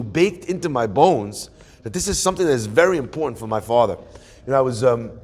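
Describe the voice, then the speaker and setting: A rabbi leads his weekly Torah class, telling stories with lots of animation and acting out the voices he quotes. His voice is medium in pitch and husky.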